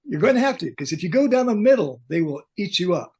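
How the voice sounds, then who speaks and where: An older man, a concert pyrotechnics veteran, telling lively backstage stories as a podcast guest and acting out the lines he quotes. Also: high voice, fast talker, husky. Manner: animated anecdotes, acts out quoted lines. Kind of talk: storytelling in a podcast interview.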